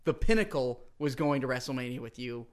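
A man's voice: medium pitch, expressive, a little fast. A man co-hosting a casual podcast, talking earnestly in bursts full of "like" and laughing often. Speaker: podcast co-host.

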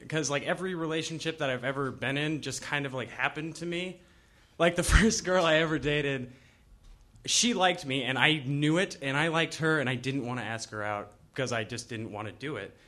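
Young man, storyteller, fairly high voice, bright tone, sheepish, rambling. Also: normal speed. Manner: sheepish, rambling, with nervous laughs. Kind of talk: live comic storytelling.

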